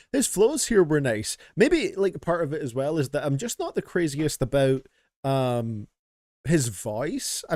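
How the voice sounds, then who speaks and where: A man's voice: fairly high pitch, darkish tone, no room sound, studio quality. A man hosting a live stream, reacting to submitted songs in a casual, joking way and chatting with his viewers. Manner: playful and joking, laughs often, chats with viewers. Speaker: streamer reacting to music requests. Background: faint music playing.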